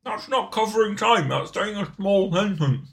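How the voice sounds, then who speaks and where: A man's voice: high voice, lively intonation, normal speed, vocal fry, a bit bright, slight background noise. A man co-hosting a podcast, bantering playfully and slipping into silly voices and bits. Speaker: podcast co-host. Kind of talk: casual banter.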